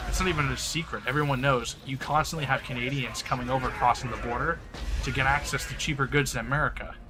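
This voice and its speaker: A young man streaming a game, ranting in a crude, mocking way and laughing often. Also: medium pitch. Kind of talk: casual game-stream rant.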